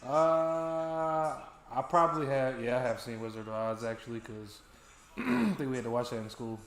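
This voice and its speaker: A man's voice: medium pitch, animated, moderate pace, faint music behind. A young American man chatting casually and jokingly with viewers on a live stream, swearing freely as he goes. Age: young adult. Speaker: stream co-host. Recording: roomy echo.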